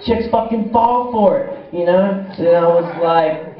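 A man's voice: high voice, a little slow, few pauses. A young man doing a stand-up comedy set in a small club, rambling and profane with a laid-back stoner delivery. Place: small bar or club stage. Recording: echoey room, far from mic, dull lo-fi sound.

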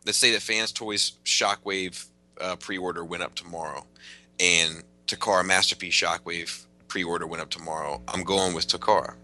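A man's voice: deep voice, steady tone, moderate pace, bright, forceful tone, low-quality recording. A man hosting a casual podcast, ranting emphatically with plenty of profanity. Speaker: podcast host.

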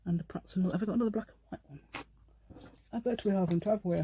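A woman's voice: mid-range voice, fast talker, warm tone, slight background noise. A woman hosting a casual crafting tutorial at her craft table at home, thinking aloud and asking the viewer questions as she works. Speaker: craft channel host.

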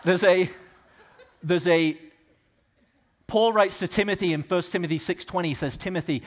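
Preaching to his church, this Southern U.S. pastor moves between loud exhortation and quiet, earnest asides. His voice sits high, and he keeps a moderate pace.

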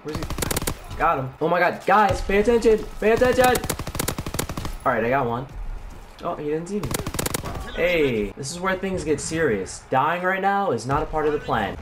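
A man hosting his gaming channel, commenting live on his shooter match in an excitable, slangy way. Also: a little high, moderate pace, background noise. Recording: game gunfire behind voice. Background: gunfire and game sounds.

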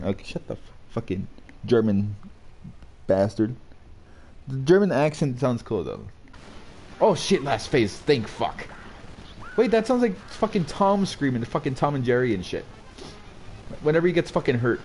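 A young man giving live, profane commentary while battling a game boss, jumping between mutters and yelps. His pitch swings widely as he reacts, with faint game music playing beneath. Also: normal speed, pauses often. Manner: profane, excitable, jokey. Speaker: gaming streamer.

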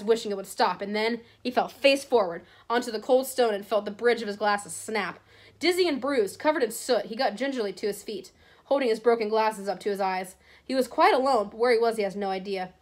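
Teacher reading aloud, higher voice. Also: female voice. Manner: expressive, with small slips and restarts. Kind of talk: reading a novel aloud to a class.

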